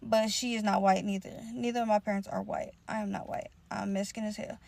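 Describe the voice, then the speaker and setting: A woman's voice: mid-range voice, level tone, brisk, gravelly, a little mellow. A young woman telling a personal story to her channel in a casual, profane, slangy way, rambling with lots of filler words.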